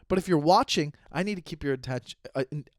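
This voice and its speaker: A man in his thirties talks alone into a close microphone on his comedy podcast, rambling and joking about his own slip-ups. His voice sits a little high for a man and sounds dry and close. He keeps restarting sentences and stays self-aware the whole time. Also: quick pace, no room sound. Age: 30s. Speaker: podcast host. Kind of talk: solo comedy podcast monologue.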